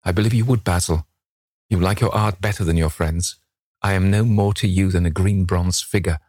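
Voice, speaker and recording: A man's voice: sits low, fairly even intonation, normal speed, a little mellow, dry recording, studio quality. A man reading an audiobook and voicing a beautiful, vain young man who speaks emotionally and pleadingly. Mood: bitter.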